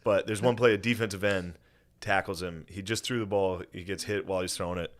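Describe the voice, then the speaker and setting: Young male podcast host, lowish voice; relaxed banter that breaks into loud, animated impressions. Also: brisk. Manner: animated storytelling, bursts into loud yelling impressions. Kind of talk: casual chat.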